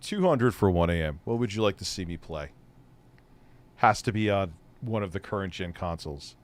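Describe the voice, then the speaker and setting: With a low-sitting voice and lively intonation at normal speed, a middle-aged man rambles through a casual commentary stream. He laughs easily and swears a lot.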